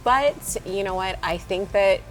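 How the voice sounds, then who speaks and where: A woman's voice: mid-range voice, unhurried, soft background music, low-quality recording. A young woman speaking candidly and chattily in a casual church discussion, often restarting her phrases.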